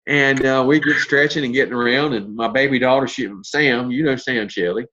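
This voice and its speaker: A man in his fifties, a network marketing leader, gives a motivational talk, telling stories in a blunt, folksy style with mild cursing. His mid-range voice is fairly quick and sharp in tone, and the audio has its highs cut off.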